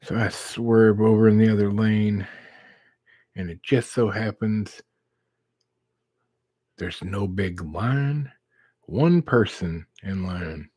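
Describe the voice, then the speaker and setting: Slow, husky middle-aged man telling a story. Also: on the low side, warm tone, no echo. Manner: slow, drawn-out storyteller who acts out quoted dialogue. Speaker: live stream host. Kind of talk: casual anecdote storytelling.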